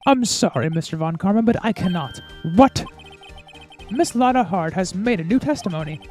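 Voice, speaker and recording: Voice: mid-range voice, lively intonation, normal speed, faint music behind, lightly acted. Streamer doing a meek flustered old judge. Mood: hesitant. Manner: hesitant, soft, formal. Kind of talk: reading game dialogue aloud.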